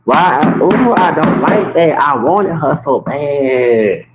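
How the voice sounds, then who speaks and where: A man's voice: a little high, expressive, slow, lo-fi sound, very noisy. A man in his late forties ranting to his viewers in a heated, rambling monologue, swearing and restarting his sentences. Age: 40s. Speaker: vlogger.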